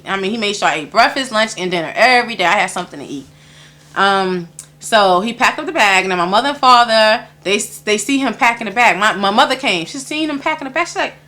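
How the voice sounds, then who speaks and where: A woman's voice: fairly high pitch, bright, forceful tone. A woman tells personal stories in an interview. She laughs often and acts out the voices of the people she quotes. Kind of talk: personal storytelling.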